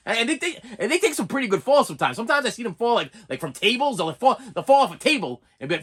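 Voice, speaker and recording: A man's voice: extremely high pitch, sing-song, very fast, few pauses, fairly bright tone, breathy edge. A man in his forties telling a self-mocking story in a casual vlog, stammering and often saying "listen". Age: 40s. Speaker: vlogger.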